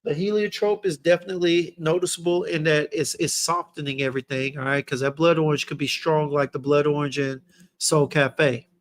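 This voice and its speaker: A man's voice: fairly high pitch, fairly even intonation, brisk. A laid-back man hosting a casual livestream fragrance review, chatting with his viewers in slang. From Texas.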